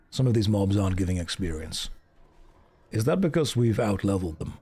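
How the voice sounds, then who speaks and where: A man with a deep voice, livestreaming a game and chatting in a dry, mock-serious joking way. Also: expressive, brisk, mellow, breathy edge. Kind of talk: casual gameplay chat.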